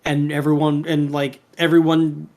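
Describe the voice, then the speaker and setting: A slightly mellow, somewhat high male voice with little pitch variation and a moderate pace belongs to a podcast co-host. He loosely rambles through a cartoon episode's plot, often restarting and saying "like" and "um," sometimes quoting characters with a touch of acting.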